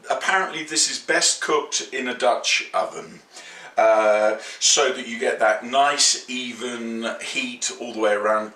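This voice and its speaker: Male cooking host, joking and self-deprecating, bright voice, echoey room. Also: medium pitch, a little hiss or hum. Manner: chatty, self-mocking, playful asides. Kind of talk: casual cooking demonstration. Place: kitchen. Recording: roomy kitchen echo, distant mic.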